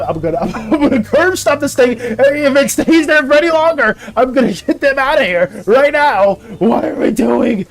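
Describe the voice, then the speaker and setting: Flustered streamer who trips over words; bouncy, animated delivery, faint music bed. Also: high voice, moderate pace, hardly any pauses. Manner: stammering, repeats words, flustered and defensive. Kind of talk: casual live-stream chat while drawing.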